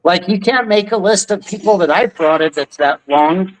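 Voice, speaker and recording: Male stream host with a higher voice, profane and rambling rants. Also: moderate pace, low-quality recording. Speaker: livestream host. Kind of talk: ranting livestream commentary.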